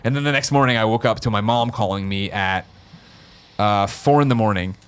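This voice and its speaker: A man's voice: on the low side, a little fast, smooth. A man from the Midwest hosting a podcast, telling a story in casual chat and acting out the voices of the people in it. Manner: animated, acts out voices of people in his stories. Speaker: podcast host.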